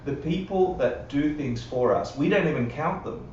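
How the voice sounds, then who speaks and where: A man's voice: on the high side, animated, normal speed, darkish tone, slight background noise. A man teaching a live Buddhist class in a conversational way, often checking in with his listeners and acting out quotes. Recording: roomy, dull livestream audio from a distance.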